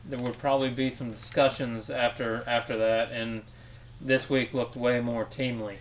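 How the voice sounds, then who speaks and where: A man co-hosting a podcast in casual chat, rambling with restarts and trailing off softly. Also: mid-range voice, flat delivery, moderate pace, a little hiss or hum. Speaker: podcast co-host.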